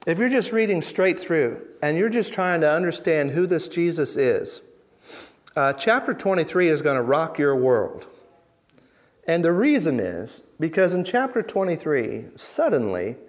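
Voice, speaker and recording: A man giving a conference teaching talk to a live audience, emphatic, asking rhetorical questions and swinging between loud bursts and hushed asides. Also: fairly high pitch, big pitch swings, measured pace. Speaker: Bible teacher.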